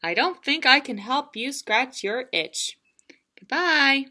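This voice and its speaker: Storybook lizard, male, spiky and sorry, dropped low and slow, as a woman reader puts him on. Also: lively intonation, sharp tone, exaggerated voice. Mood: apologetic.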